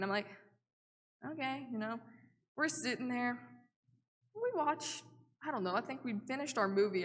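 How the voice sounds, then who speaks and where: A young woman from Oklahoma, speaking in a fairly high, fairly bright voice, gives a missionary report in a church sanctuary. She tells her story in a chatty way, acting out her own quotes and using lots of "like" fillers. The recording has the reverb of a church hall.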